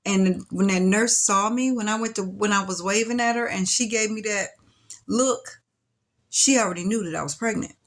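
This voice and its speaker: A young adult woman telling her own life story in an interview, chatty and loose, rising much higher when she quotes her younger self. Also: normal speed. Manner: loose, chatty, many fillers and restarts. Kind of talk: personal storytelling.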